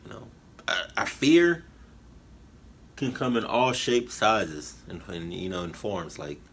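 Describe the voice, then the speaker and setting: A man giving halting, emotional commentary on a reaction video, full of fillers and restarts. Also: low-pitched, lively intonation, vocal fry, a bit bright, slight background noise. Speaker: YouTube reactor. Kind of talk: rambling heartfelt commentary.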